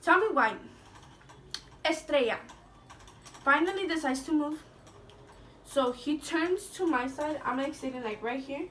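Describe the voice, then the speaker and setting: A woman's voice: sits high, expressive, measured pace, long pauses, a bit bright, a little hiss or hum. A young woman telling a school story in a casual storytime vlog, chatty and swearing, with lots of "like". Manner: chatty, swearing, heavy use of "like".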